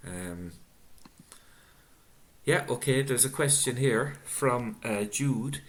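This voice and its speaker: A man's voice: medium pitch, slow. Reflective man hosting a book chat. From Ireland. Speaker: author interviewer reading audience questions. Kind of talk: casual book-event conversation.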